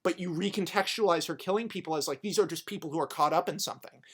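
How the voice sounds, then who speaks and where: A podcast host pitching a story idea in a comedic, rambling way, profane and animated. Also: quick pace, slightly rough.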